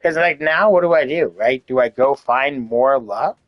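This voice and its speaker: A man's voice: medium pitch, normal speed, no echo, highs cut off. Candid thirty-something man venting. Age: 30s. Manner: candid, rambling, frequent "like" and swearing. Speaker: host. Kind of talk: casual venting chat.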